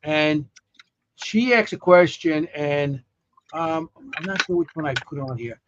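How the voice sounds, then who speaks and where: A fairly high-voiced man hosts a casual podcast chat. He rambles and stops often to restart his sentences. The recording sounds muffled and lo-fi. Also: a bit bright, a little hiss or hum. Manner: rambling, halting, many fillers and restarts. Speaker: podcast host.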